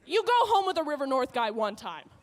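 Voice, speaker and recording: A woman's voice: high voice, sing-song, a little fast. A woman doing a stand-up comedy set on a comedy club stage, brash and profane, laughing at her own jokes.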